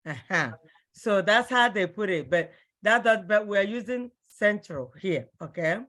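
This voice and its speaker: A woman teaching an online language class, who speaks slowly and repeats each word with care so her students can follow. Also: medium pitch, expressive, fairly bright tone. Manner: slow, repeats words carefully for students.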